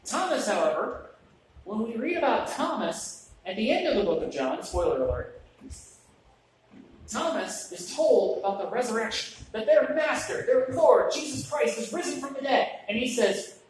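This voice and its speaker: This preacher's voice is extremely high and very animated, at a moderate pace, as he gives a conversational sermon with joking asides and restarts. It's recorded from afar in a very echoey church sanctuary, with slight background noise.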